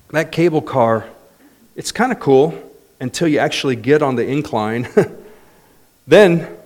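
A man preaching a sermon, moving between quiet, low passages and loud, lively ones, with laughter. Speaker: pastor.

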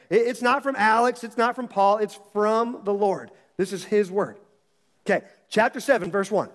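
A man's voice: high-pitched, long reverb tail. A man preaching a sermon as pastor, emphatic and repeating his phrases with frequent restarts.

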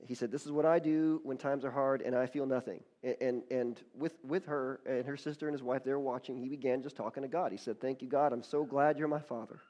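A man's voice: mid-range voice, mellow. A man giving a sermon, telling a story with frequent restarts and repeated words, building to fervent praise. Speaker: pastor.

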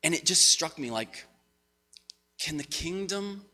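A man's voice: on the high side, expressive, a little slow, bright, forceful tone. A man giving a conversational, story-driven sermon to a congregation as pastor. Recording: long hall reverb.

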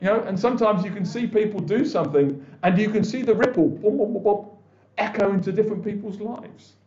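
This pastor's voice sits high, slightly fast and a bit mellow. His conversational sermon is peppered with restarts and acted-out quotes from other people. The church audio is echoey and dull.

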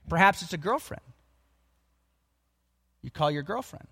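A man preaching a sermon, emphatic and animated, quoting scripture. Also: on the high side, a little slow, long pauses, slightly rough, long reverb tail. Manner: animated and emphatic, acts out voices of people.

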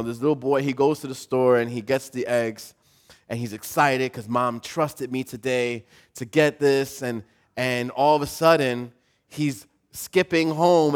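Man pastor, thirties, casual sermon, storytelling, mid-pitched voice, joking asides. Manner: casual, storytelling, self-deprecating humor.

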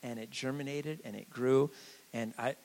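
A man giving a sermon as a guest preacher, conversational and joking, with sudden swings from quiet asides to loud declarations. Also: mid-range voice, steady tone, moderate pace, rough recording. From Sicilian family.

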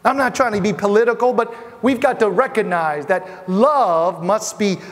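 High-voiced man preaching in a reverberant hall. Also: moderate pace. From Asia. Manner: conversational preaching, addresses congregation directly. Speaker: pastor. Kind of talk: sermon. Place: church hall.

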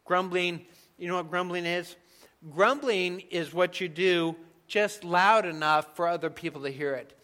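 Bright-voiced male preacher, emphatic. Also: high voice, a little slow. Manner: emphatic, conversational preaching with sudden soft drops. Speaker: pastor. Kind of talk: sermon.

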